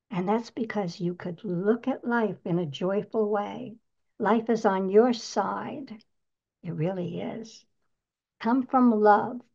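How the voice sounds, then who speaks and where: A woman's voice: medium pitch, creaky, mellow, highs cut off. A woman in her nineties giving an earnest, upbeat motivational talk on her podcast, asking the listener rhetorical questions. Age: 90s. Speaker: podcast host.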